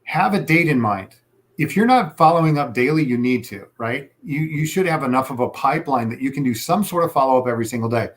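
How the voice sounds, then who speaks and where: Male sales coach, emphatic, repeats points for weight, medium-pitched voice, chatty interview delivery. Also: expressive, quick pace. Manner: emphatic, repeats key advice, acts out customer quotes. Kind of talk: conversational interview advice.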